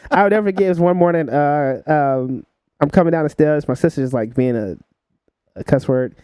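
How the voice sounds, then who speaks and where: A young man telling stories as a podcast guest in a relaxed chat, laughing often and filling pauses with "uh" and "like". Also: on the high side, smooth, no echo. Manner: laughs while telling stories, many fillers. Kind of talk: casual storytelling chat.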